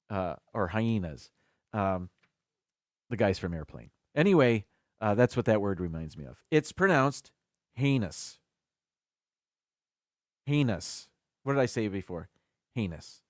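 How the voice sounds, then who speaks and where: Male host, casual and chatty, sounds out each word slowly, dry close sound. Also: mid-range voice, no echo. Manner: chatty, repeats and sounds out words carefully. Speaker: live stream host. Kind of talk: casual chat on a live stream.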